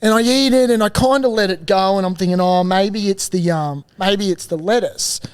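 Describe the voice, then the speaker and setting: A man co-hosting a podcast, telling a long story in a lively, laughing, sweary way. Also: high-pitched, moderate pace, clear, resonant tone. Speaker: podcast co-host. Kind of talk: casual storytelling chat.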